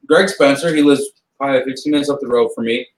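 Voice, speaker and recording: A man's voice: medium pitch, quick pace. A man from Mississippi hosting a podcast, easygoing and casual, often laughing. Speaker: podcast host. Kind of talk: casual chat. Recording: echoey room with faint noise.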